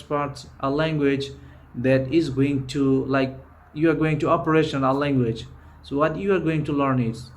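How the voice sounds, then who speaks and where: A man with a Bangladeshi accent, a native Bengali speaker, gives an earnest, informal spoken-English lesson, often restarting and repeating himself. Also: fairly high pitch. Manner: earnest, repetitive, frequent restarts. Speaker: English teacher.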